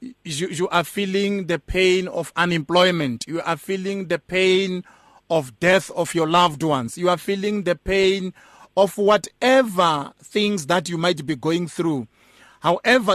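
High-voiced radio host. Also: male voice, fairly bright tone, no echo, clean studio sound. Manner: deliberate, with stuttered restarts. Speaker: radio talk show host. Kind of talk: Christian radio talk.

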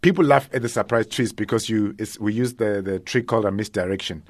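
A man, a stand-up comedian talking casually in a radio interview, animated and often laughing. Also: on the low side, brisk. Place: radio studio.

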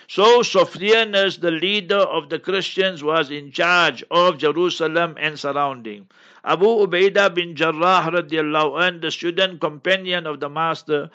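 A man's voice: fairly high pitch, pushed and bright, muffled recording. A man, a mufti answering listener questions on a Q&A show, lecturing in an emphatic, instructive way and repeating his key points. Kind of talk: radio Q&A lecture.

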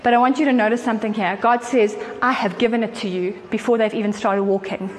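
A woman preaching a sermon in an earnest, conversational way, with quick asides to her listeners. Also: a little high, steady tone. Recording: faint hall reverb and noise.

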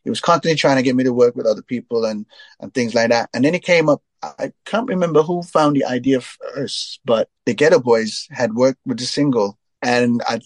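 A man from Trinidad, a reggae singer giving a relaxed interview, telling long stories packed with "you know" fillers. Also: mid-range voice, fairly quick, no room sound. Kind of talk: casual storytelling interview.

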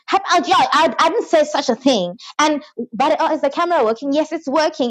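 A woman's voice: high-pitched, lively intonation, fairly quick, few pauses. A woman co-hosting a podcast, chatting casually and often imitating others. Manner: chatty, laughing, imitates people. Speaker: podcast co-host. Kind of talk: casual chat.

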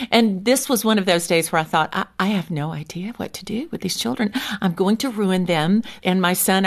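A middle-aged woman, a guest on a faith talk show, telling personal stories about motherhood with animated delivery, frequent laughter and acted-out quotes. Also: medium pitch. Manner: animated, laughs often, acts out quoted lines. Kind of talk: faith-based storytelling in conversation.

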